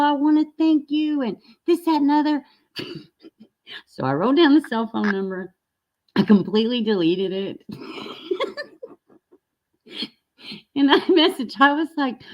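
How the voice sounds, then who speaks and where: A woman chatting casually with viewers on a live stream, folksy and affectionate, laughing often. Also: on the low side. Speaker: true crime live streamer. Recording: slightly dull lo-fi sound.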